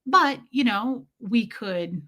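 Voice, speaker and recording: A woman livestreamer chats casually with her viewers and calls out their names as she goes. Her voice has a bright, crisp edge, and her storytelling is blunt and salty. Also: a little high, lively intonation, slow. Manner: blunt and profane, greets viewers by name. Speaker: livestream host.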